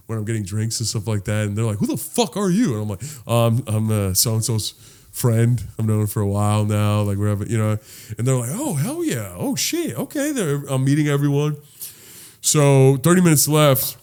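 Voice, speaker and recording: Animated swearing podcast host, man. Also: on the low side. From Los Angeles. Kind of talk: casual storytelling chat.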